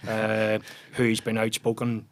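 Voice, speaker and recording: A Northern Irish man in his forties talks in a low, easy register. He is a podcast guest spinning relaxed anecdotes, with plenty of fillers and false starts as he goes. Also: takes it slowly. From Northern Ireland. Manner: relaxed storyteller, frequent restarts and fillers. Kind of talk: casual podcast interview chat.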